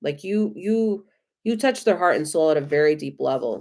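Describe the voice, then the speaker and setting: A woman with an American accent giving tarot readings on a live stream, gentle, effusive and reassuring. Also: low voice, animated, moderate pace. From United States. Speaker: tarot reader.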